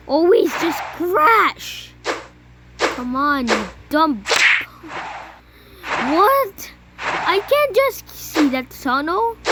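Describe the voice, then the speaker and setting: A high-pitched woman talks through a mobile game in an unhurried way, grumbling at it and letting out sudden yelps. It is recorded on a phone microphone, and heavy noise sits under her voice. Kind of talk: casual gameplay commentary. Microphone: phone microphone during screen recording.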